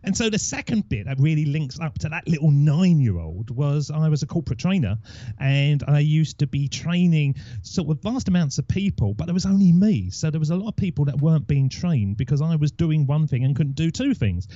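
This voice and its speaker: A man's voice: fairly high pitch, lively intonation, a little fast, dark tone, dry recording, highs cut off. A man in his forties, a podcaster telling his story as a guest in a casual interview, rambling from one thought to the next. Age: 40s.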